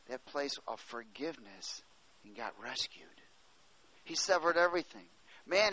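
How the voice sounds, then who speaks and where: Through poor audio comes a male preacher with a sharp tone, his voice on the high side. He reads scripture aloud, explains it, and asks the congregation, "Amen?"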